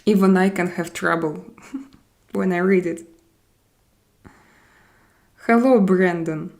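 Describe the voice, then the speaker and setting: A woman's voice: fairly low pitch, takes it slowly, gravelly, darkish tone. A woman from Russia with a Russian accent, hosting a casual live stream and answering viewers' comments as she switches between languages. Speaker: live-stream host reading chat.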